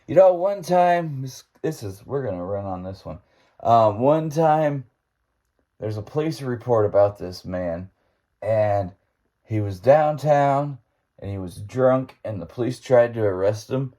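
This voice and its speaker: A man's voice: medium pitch, expressive, measured pace, dark tone. A man hosting a podcast, telling a story in an impromptu monologue, rambling along and laughing as he goes. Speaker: podcast host.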